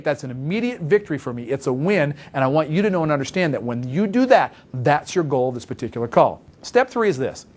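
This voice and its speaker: A man delivers a sales training talk at a rapid clip, his voice sitting a bit high for a man. He sounds brisk and emphatic and repeats key points for stress. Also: a little mellow. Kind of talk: instructional talk with role-played phone calls.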